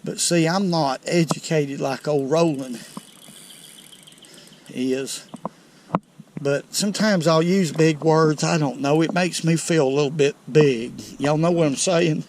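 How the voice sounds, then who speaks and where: A man with a Southern US accent hosting a fishing vlog from a lake bank, folksy and excitable as he talks straight to viewers. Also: a little high, measured pace. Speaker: fishing channel host. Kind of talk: outdoor fishing vlog commentary. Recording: outdoor noise behind voice.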